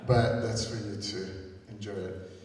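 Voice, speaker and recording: A man's voice: fairly low pitch, fairly even intonation, measured pace. Man, music teacher, choked-up farewell to seniors, distant mic, heavy crowd and background noise. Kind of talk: speech at a school concert. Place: concert hall. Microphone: far from the recording mic. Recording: echoey hall from far off, loud crowd.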